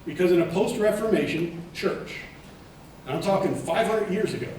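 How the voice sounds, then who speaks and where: Man giving a keynote in a big hall, lively, asks the crowd stuff, lots of echo, mic kinda far. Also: high voice, moderate pace, slight background noise. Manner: animated, asks the audience questions. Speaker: keynote speaker. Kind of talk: conference talk. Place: large conference hall.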